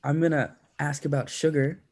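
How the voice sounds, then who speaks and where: A man's voice: a little high, little pitch movement, moderate pace, a little mellow. Joking man playing a tabletop game. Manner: joking, hesitant. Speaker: player. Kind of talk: playing a tabletop game over a video call.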